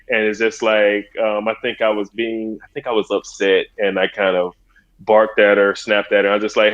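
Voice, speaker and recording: A man's voice: on the low side, level tone, normal speed, a bit bright. A man in his thirties, a podcast guest, talking in an earnest, rambling way with lots of "like". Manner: earnest, rambling, frequent "like" and "so it's like". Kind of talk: casual conversation. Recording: dull lo-fi sound.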